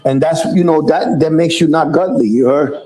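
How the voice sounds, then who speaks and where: A man's voice: on the high side, normal speed, dark tone, poor audio. A man chatting casually on a livestream, loose and profane, full of street slang and restarts. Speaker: livestream host.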